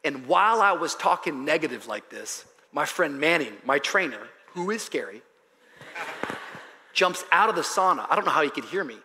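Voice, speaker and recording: A high, bright man's voice preaches live in a big church hall, with a long echo and a faint crowd behind him. He tells stories loosely and casually, with slang, then climbs into loud, shouted calls to the congregation. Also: normal speed, slight background noise. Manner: animated preaching, rising to shouts. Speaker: pastor. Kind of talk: sermon. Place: large church auditorium with congregation.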